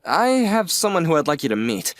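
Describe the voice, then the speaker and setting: A man playing a sincere young man who teases his aunt gently and thanks her earnestly. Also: fairly high pitch, very animated, a little fast, dry recording. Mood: nervous. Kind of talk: audio drama acting.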